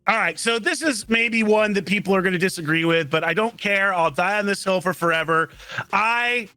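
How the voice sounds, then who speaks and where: A man's voice: high-pitched, moderate pace, sharp tone, no room sound, soft background music, rough recording. A man co-hosting a casual gaming chat, passionate and insistent about his opinions. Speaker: co-host of gaming channel.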